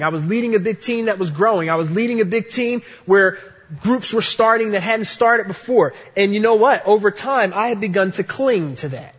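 A man's voice: sits high, slightly rough, long reverb tail, muffled recording. A man preaching a sermon in an earnest way, repeating his key phrases for emphasis. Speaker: pastor.

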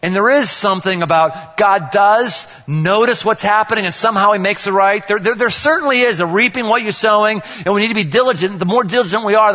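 A middle-aged man preaching a sermon, playful and animated, acting out family scenes with big swings in his voice. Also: big-room sound, highs cut off. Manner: animated, playful, acts out dialogue with big pitch jumps. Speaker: pastor.

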